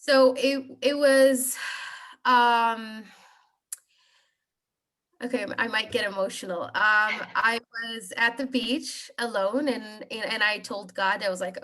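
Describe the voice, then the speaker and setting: Guest, woman, 30s; slow, hesitant testimony with a high, bright tone. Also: fairly even intonation. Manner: hesitant, many fillers and restarts. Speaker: guest sharing a healing story. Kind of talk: personal testimony on a group call.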